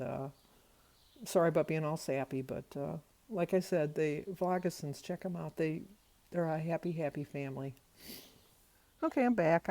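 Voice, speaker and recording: A woman's voice: lowish voice, a little mellow, no echo. An older woman vlogging casually, a rambling, chatty storyteller talking to her camera. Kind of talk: casual vlog chat.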